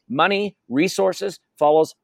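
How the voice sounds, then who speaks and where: High-pitched and gravelly, this man takes his time, and the recording has no room sound. He's a North American wealth coach in an energetic interview, emphasizing his stories and returning to his key phrases.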